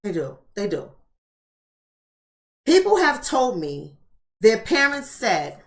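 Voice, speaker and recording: A woman's voice: a little high, very animated, moderate pace, fairly bright tone. A woman hosting a live-streamed book club, talking bluntly and emphatically and repeating rhetorical questions.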